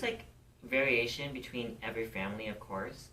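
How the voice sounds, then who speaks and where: A woman's voice: very deep voice, moderate pace, sharp tone. A woman co-hosting a casual podcast chat, candid and outspoken, swearing freely as she speaks with conviction. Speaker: podcast co-host.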